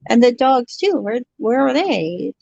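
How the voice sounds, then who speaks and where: A woman guest and parent in a casual chat, speaking earnestly and haltingly, with many questions. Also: on the high side, sing-song, creaky, a little mellow, no echo. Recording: dry, dull lo-fi sound.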